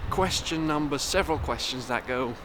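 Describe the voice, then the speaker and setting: A man's voice: medium pitch, moderate pace. Young male vlogger, English not his first language, wry rambling chat, handheld camera out on the street, heavy traffic noise behind. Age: young adult. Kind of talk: walking vlog. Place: outdoors on city streets. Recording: loud street noise outdoors. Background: loud traffic and street noise.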